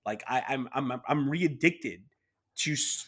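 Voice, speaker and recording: A man's voice: medium pitch, unhurried, a bit bright, slightly rough. A man co-hosting a podcast, chatting casually about movies with many restarts. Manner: rambling, many fillers and restarts. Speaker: podcast co-host.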